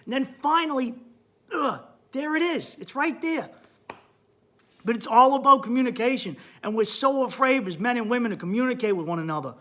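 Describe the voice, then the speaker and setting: A man hosting a comedy podcast in a high, bright, sharp-edged voice. He delivers a crude, blunt monologue and acts out his own thoughts as he goes. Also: lively intonation, fast talker. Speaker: podcast host.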